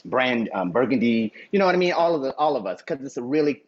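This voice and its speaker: A man's voice: medium pitch, quick pace. A middle-aged man, an actor, talking casually as a guest and acting out quoted voices with easy laughter. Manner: animated, acts out quoted voices, laughs easily. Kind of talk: casual interview talk. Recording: muffled, dull lo-fi audio.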